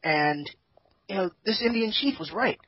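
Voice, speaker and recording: Husky profane man hosting a chat. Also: sits high, animated, moderate pace, no room sound, muffled recording. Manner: profane, rambling and opinionated. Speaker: podcast host. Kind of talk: casual group chat.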